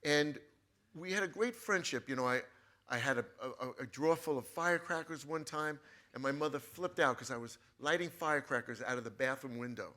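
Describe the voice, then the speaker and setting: Male guest author, casual storyteller, bright timbre, lively delivery with restarts. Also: mid-range voice, fairly quick. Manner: animated storyteller with frequent restarts. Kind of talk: casual anecdote telling.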